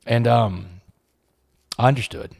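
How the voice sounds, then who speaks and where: A middle-aged man, a podcast guest, telling an emotional story in an earnest, halting way and often repeating words when moved. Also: medium pitch, vocal fry, darkish tone, breathy edge.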